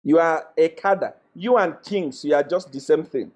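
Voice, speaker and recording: A man's voice: a little high, moderate pace, darkish tone. Scornful, accusing man. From Zambia. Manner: mocking and accusatory, repeats phrases, laughs scornfully. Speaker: self-styled prophet. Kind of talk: confrontational live-stream monologue.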